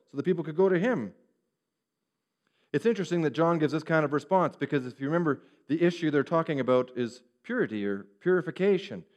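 A man preaching a sermon, animated and acting out the voices of the people he quotes. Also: a little high. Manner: animated, acts out quoted speech. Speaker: pastor. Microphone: referring to a screen, preaching to a congregation.

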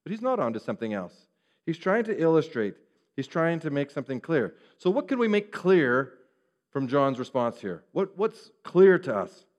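A man preaching a sermon, animated and acting out the voices of the people he quotes. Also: fairly high pitch, moderate pace. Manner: animated, acts out quoted speech. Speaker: pastor. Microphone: referring to a screen, preaching to a congregation.

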